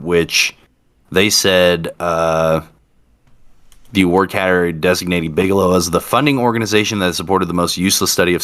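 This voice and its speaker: A man co-hosting a podcast in casual chat, reading from notes in a halting way with repeated words. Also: low-pitched, a bit bright. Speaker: podcast co-host.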